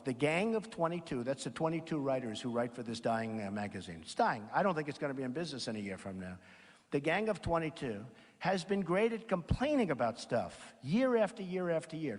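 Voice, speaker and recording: Animated man at a rally in a big hall. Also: fairly high pitch. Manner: rambling, repetitive, reads quotes then riffs off them. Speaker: campaign speaker. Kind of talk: campaign rally speech. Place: large packed auditorium. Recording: long reverb of a big hall. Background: crowd in a large hall.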